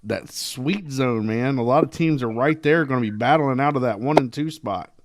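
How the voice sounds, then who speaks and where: A man's voice: medium pitch, normal speed, no room sound. A man co-hosting a casual show, chatty and teasing the guests. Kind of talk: casual banter.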